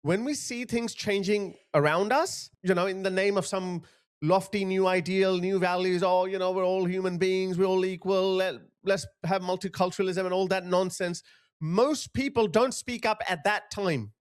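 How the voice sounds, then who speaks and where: A man's voice: sits high, fairly even intonation, moderate pace, clean tone. A man hosting a commentary channel, talking bluntly and emphatically to his viewers as he reacts to video clips.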